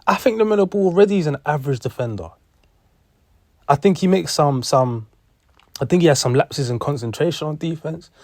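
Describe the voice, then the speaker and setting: A man's voice: a little high, animated, brisk, a little mellow, dry recording, clean studio sound. A young man, ranting in heated sports commentary, repeating himself and swearing. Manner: heated, repetitive, profane.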